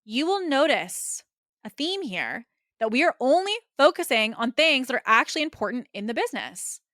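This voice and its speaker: A woman's voice: high-pitched, big pitch swings, normal speed, sharp tone, no room sound, clean studio sound. A woman hosting a solo business podcast, coaching listeners step by step in a direct way and often checking in with "okay?".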